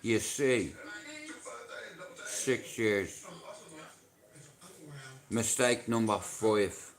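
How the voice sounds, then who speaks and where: A Dublin Irish man rambling through casual live-stream banter, swearing freely and cracking jokes. He talks slowly, in a lowish voice. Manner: rambling, profane, jokey banter. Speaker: livestreamer.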